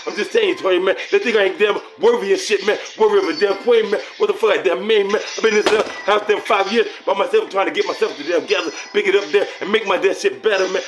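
A man freestyling as a producer, rambling loosely and cursing constantly, repeating "man" at the end of his lines. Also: high voice. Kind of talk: profane freestyle talk-rap over a beat. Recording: music playing loudly under the voice.

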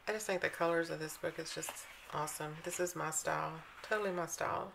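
A woman's voice: low-pitched, fast, creaky, noisy background. A woman vlogging a casual walkthrough of planner sticker books, reading the slogans aloud in a chatty, admiring way.

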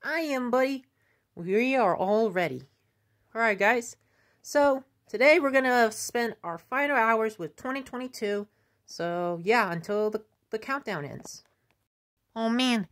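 A woman performing a puppet comedy skit, excitable and prone to shouting. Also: on the high side, unhurried.

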